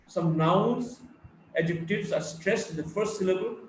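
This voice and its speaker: Slow, high-voiced Indian lecturer. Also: male voice. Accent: Indian English. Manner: slow and deliberate, repeating words for drill. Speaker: college English lecturer. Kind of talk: phonetics lecture, reading word lists. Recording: echoey room, mic far off, faint hiss.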